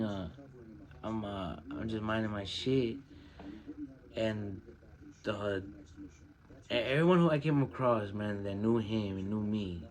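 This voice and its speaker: A man hosting his own show, telling a personal story in casual, profane street slang and getting animated when he quotes people. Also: fairly low pitch. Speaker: podcast host.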